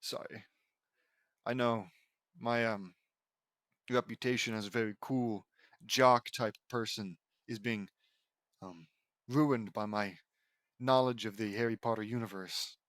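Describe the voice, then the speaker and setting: A man's voice: fairly low pitch, steady tone, unhurried, long pauses, a bit bright, no echo. A young man reading fan fiction aloud as an audiobook, breaking off often into rambling, casual asides.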